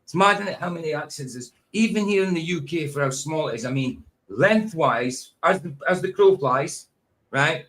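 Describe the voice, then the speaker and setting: A man's voice: on the high side, normal speed. Chatty northeast Scottish man. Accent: northeast Scottish, Doric. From Scotland. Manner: relaxed, chatty, laughs often. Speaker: show host. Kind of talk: casual chat on a livestream.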